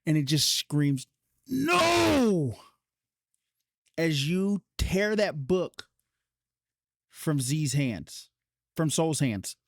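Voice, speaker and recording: Slow-talking man running a tabletop game. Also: on the high side, no echo, studio quality. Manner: casual and profane, slow drawn-out narration. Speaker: game master. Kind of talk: live-streamed tabletop game narration.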